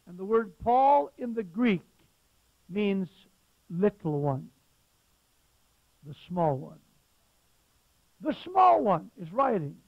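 A man preaching a sermon as a pastor, with emphatic stresses that suddenly grow loud. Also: high voice, very animated, a little slow, long pauses, no echo, highs cut off.

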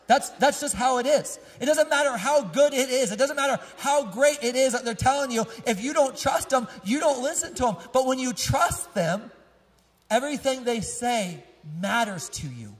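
A male pastor with a high, husky voice tells casual, joking stories from the pulpit and laughs easily along the way. His voice carries through a church sanctuary with a long, lingering echo. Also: lively intonation, moderate pace. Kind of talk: storytelling sermon.

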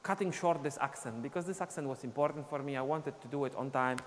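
A fast-talking man with a medium-pitched voice teaches dance live online from a studio. He describes the moves and counts the beats aloud as he performs them, heard through long reverb and faint ambient noise.

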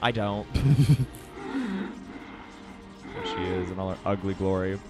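A man streaming a video game live, chatting excitably with viewers and swearing freely. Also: sits low, slow pace. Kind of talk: live gaming commentary. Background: game music.

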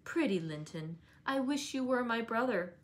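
A woman reading aloud, voicing an impulsive, warm-hearted young lady who is earnest and quick to anger. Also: a little high, lively intonation, close to an everyday voice.

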